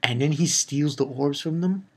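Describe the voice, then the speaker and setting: A man giving a casual spoken review of a comic chapter, retelling it excitedly with swearing and lots of fillers. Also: a little high, normal speed, breathy edge. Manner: excitable, loose and profane, with many fillers. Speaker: manga reviewer.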